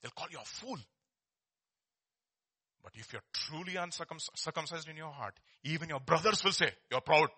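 A man preaching a sermon as a pastor, animated, swinging from soft asides to loud exhortation, repeating words and asking rhetorical questions. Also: fairly high pitch, normal speed, long pauses, breathy edge.

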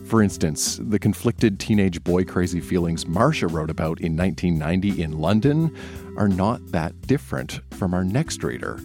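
A man hosts a live storytelling show, introducing the next reader in a calm, reflective tone. His voice sits very low, with faint music playing behind it. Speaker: host.

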